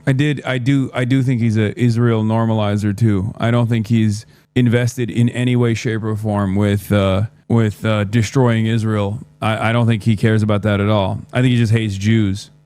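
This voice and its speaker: A man's voice: lowish voice, little pitch movement, moderate pace, a little mellow, clear, resonant tone, no echo. A man doing livestream commentary, blunt and sarcastic, often swearing. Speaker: streamer.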